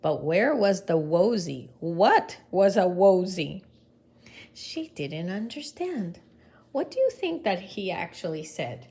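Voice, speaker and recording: Slow, expressive woman reading to children. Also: fairly low pitch, husky. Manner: expressive, asks listeners questions. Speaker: storybook reader. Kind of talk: reading a picture book aloud to children.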